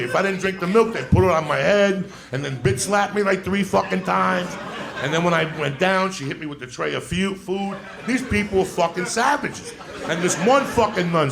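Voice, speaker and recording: A man's voice: high-pitched, vocal fry. A man telling a rowdy childhood story on stage as a stand-up comedian, swearing and laughing as he goes.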